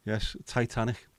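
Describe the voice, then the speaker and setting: Chatty man, low voice. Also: vocal fry, no echo. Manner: chatty, swears casually, banters with viewers. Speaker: livestream host. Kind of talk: casual chat reading viewer comments.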